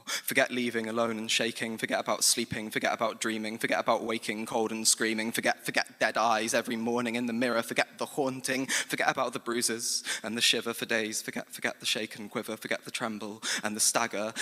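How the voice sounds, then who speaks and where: A man's voice: mid-range voice, flat delivery, brisk, hardly any pauses, sharp tone. A man with an English accent performing spoken-word poetry live on stage in an intense, rhythmic, incantatory way. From England. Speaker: slam poet. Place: large hall venue, live on stage. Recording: live performance with long hall reverb.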